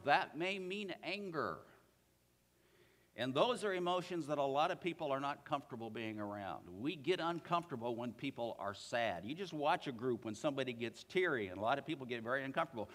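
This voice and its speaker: A man's voice: medium pitch, animated, fairly quick, fairly bright tone, big-room sound. A man preaching a sermon in a church, earnest, reading scripture aloud with feeling.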